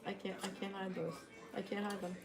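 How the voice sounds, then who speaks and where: A woman's voice: medium pitch, little pitch movement, fairly quick, over loud music. A young woman chatting casually with her partner on a live stream, teasing him and laughing easily. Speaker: co-host, partner.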